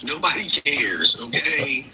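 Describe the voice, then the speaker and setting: A man's voice: mid-range voice, big pitch swings, slow pace, pushed and bright, slight background noise, poor audio. A man calling into a livestream, talking bluntly and heatedly in a slangy, casual way. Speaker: caller. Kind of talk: casual call-in chat.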